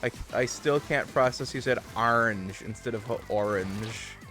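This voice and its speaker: A talkative man hosts his live game stream, chatting loosely and wandering from thought to thought. His voice sits at an ordinary middle pitch. Soft game music plays quietly underneath. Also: a little fast. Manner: chatty, digressive, muses about pronunciation. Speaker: livestream gamer. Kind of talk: casual chat to stream viewers.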